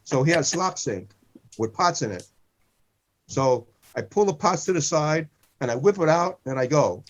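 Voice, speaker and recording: A man's voice: a little high, expressive, normal speed. A man in his sixties, a comedy podcast co-host, telling meandering funny stories and repeating himself. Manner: meandering, repeats "listen" often. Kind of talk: rambling comic storytelling. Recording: muffled lo-fi sound.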